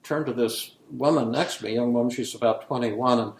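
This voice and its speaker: A man's voice: mid-range voice, gravelly. Earnest man telling a story, echoey room. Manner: earnest, halting, with frequent repeated words. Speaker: psychiatrist and podcast host. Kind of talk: storytelling in casual conversation.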